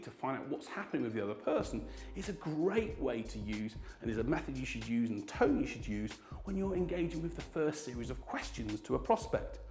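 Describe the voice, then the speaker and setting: A man's voice: medium pitch, darkish tone. A man teaching sales, acting out sample lines to show different tones of voice. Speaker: sales trainer. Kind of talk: instructional talk to camera. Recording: roomy sound with faint music.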